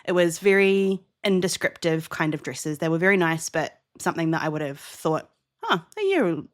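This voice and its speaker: New Zealand woman telling a story. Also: normal speed. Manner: animated storyteller, acts out quoted dialogue in a higher voice. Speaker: podcast co-host. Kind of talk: casual storytelling chat.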